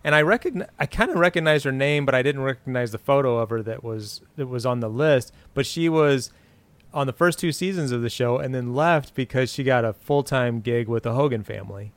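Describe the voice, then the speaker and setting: A man in his forties, chatting casually and rambling through old TV trivia. His voice is smooth and resonant, recorded dry and close with no room sound. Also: medium pitch, a little fast, no echo. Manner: rambling, recounts trivia with frequent fillers and restarts. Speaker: podcast co-host. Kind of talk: casual chat about an old TV show.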